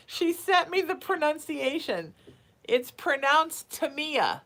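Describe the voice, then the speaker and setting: A woman's voice: sits high, sing-song, takes it slowly, fairly bright tone. A woman psychic hosting a casual live stream, reading out viewer names and cooing at her cat between readings. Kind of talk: casual livestream chat.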